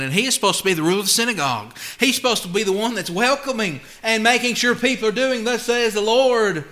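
A man preaching a sermon. He speaks emphatically, swings between loud and hushed, and reads scripture slowly and deliberately. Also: a little high.

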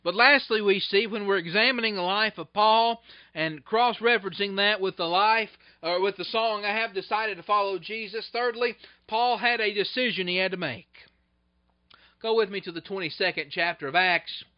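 A man preaching a sermon in a high voice. He swings between loud, urgent bursts and quiet, drawn-out phrases. The recording sounds muffled and lo-fi. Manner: preaching with sudden loud swells and soft, slowed drops.

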